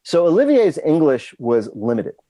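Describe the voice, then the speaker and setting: His voice sits a little high and swoops wildly in pitch, warm in tone and delivered at normal speed in a room with no audible sound. As the guest screenwriter in a casual chat, he rambles through self-deprecating tales, restarting often.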